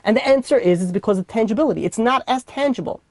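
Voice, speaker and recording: A man's voice: high-pitched, quick pace, a little mellow, dry recording. New york rabbi guy, casual chatty class talk, lots of fillers, dry close sound. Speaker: rabbi teaching a weekly class. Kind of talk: informal Torah class.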